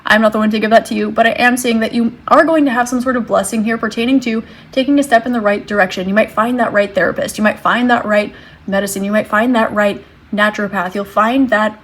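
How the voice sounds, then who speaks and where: A woman giving a tarot reading to her viewers, speaking in a gentle, reassuring way and thinking aloud as she draws cards. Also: fairly high pitch, steady tone, fast. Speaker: tarot reader.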